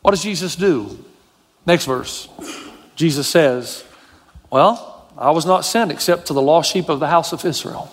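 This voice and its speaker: A man preaching a sermon as a pastor, animated and swinging between low, quiet passages and high, emphatic ones. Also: measured pace, pauses often, long reverb tail, a little hiss or hum.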